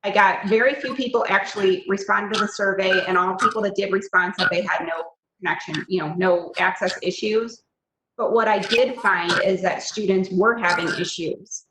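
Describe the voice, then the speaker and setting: A woman's voice: mid-range voice, steady tone. Earnest woman teacher in an echoey room. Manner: quick, earnest, talks in asides. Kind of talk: casual meeting talk. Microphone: video call. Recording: echoey room with background noise.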